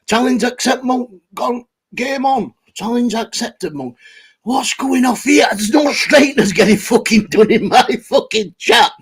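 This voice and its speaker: Bloke on a live stream, husky and kinda high, swears a lot and laughs at his own jokes. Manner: sweary, laughs often, talks to chat by name. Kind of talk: rambling live chat with viewers.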